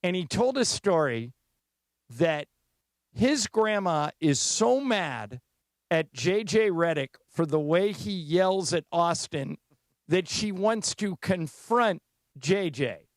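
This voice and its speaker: A male sports radio co-host with a slightly high voice and a close, dry studio sound. He keeps the segment moving with easy back-and-forth. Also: lively intonation, slow, no echo. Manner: conversational, steering the segment.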